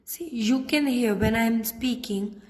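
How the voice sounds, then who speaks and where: Lady teaching french, slow and patient, bit high voice. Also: a little mellow. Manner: patient, repeats letters and words slowly. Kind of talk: classroom lesson. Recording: echoey room with long reverb.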